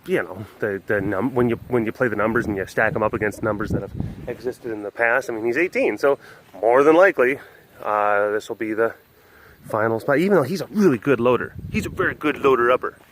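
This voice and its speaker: A man's voice: mid-range voice, fairly quick, fairly bright tone, slight background noise. A man hosting a casual walk-around webcast outdoors at an animal facility, rambling with lots of fillers and restarts. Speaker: vlog host.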